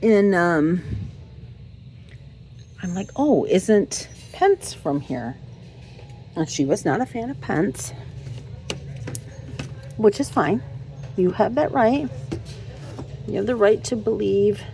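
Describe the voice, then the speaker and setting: A woman's voice: medium pitch, lively intonation, takes it slowly, creaky, pauses often, dark tone, a little hiss or hum. A woman vlogging as she browses a thrift store, telling a rambling story with many ums and restarts, filming on a handheld phone.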